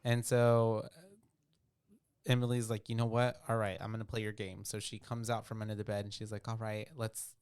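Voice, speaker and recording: A man's voice: lowish voice, monotone, normal speed, a little mellow, smooth, no echo. A man co-hosting a podcast, recapping a film in rambling casual chat with lots of fillers and swearing. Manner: rambling, profane, with many fillers. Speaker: podcast co-host.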